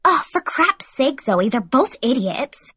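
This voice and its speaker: A haughty teenage girl, put on by a woman reading a storybook, sneers through every line. She has a high, bright voice and a dry, close sound. Her sarcasm never lets up. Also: big pitch swings, takes it slowly, breathy edge, no room sound, exaggerated voice. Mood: exasperated.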